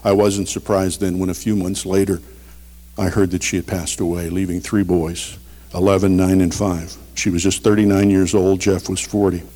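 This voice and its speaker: A middle-aged man preaching a sermon, earnest and storytelling, swinging between loud emphasis and quiet. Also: low voice, flat delivery, normal speed. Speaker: pastor. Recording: long reverb of a large hall.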